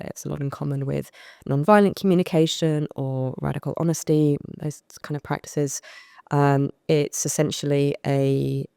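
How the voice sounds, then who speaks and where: Her voice is deep and resonant with some vocal fry, captured clearly in studio quality without echo. A British coach on a podcast, she tells candid stories at her own expense, lively acting out moments from her past as the conversation unfolds.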